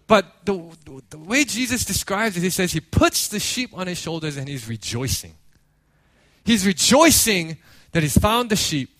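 A man preaching a sermon, telling a story with animated acted-out quotes and frequent casual fillers. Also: on the high side, no room sound. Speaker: pastor.

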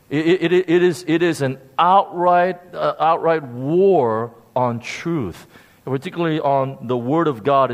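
A man preaching a sermon, telling a story with animated emphasis and frequent repeated words. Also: mid-range voice. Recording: long hall reverb.

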